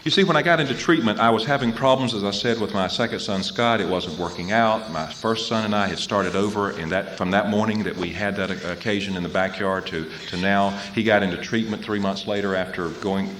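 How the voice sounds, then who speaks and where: A man's voice: lowish voice, a little fast, hardly any pauses, fairly bright tone, slight background noise. Man telling his recovery story. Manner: storytelling, repeating phrases for weight. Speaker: recovery meeting speaker. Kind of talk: personal recovery talk. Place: convention hall.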